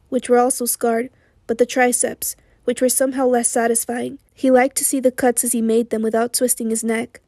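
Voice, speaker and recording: Hoarse woman reading an audiobook, slow and steady, mellow voice, very dry close sound. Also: a little high, dry recording. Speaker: audiobook narrator. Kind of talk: audiobook narration.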